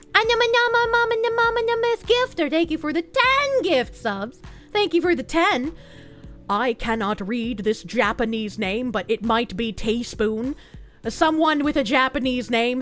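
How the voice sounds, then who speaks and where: A woman VTuber streamer chats casually with her live audience and thanks donors in a bright, high voice. Her tone leaps up and down playfully with lots of cutesy baby talk, though she slips in a dry, sarcastic aside every so often.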